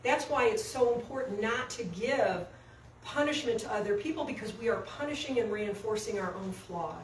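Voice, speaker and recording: Animated woman coach storytelling. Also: mid-range voice, moderate pace, far from the mic. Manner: animated storyteller, acts out quotes. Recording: echoey room, speaker off-mic, faint noise.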